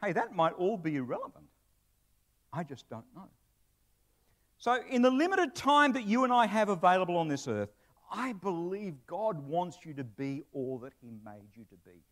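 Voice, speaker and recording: A man's voice: sits high, sing-song, moderate pace. A man preaching a sermon to his church in a conversational way, with asides and humor. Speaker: pastor; broadcast presenter.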